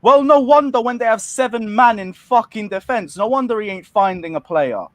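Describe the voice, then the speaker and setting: A man's voice: high-pitched, lively intonation, moderate pace, a bit bright, no echo. A man hosting a live fan reaction stream, laid-back, swearing casually and talking to the chat. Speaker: host.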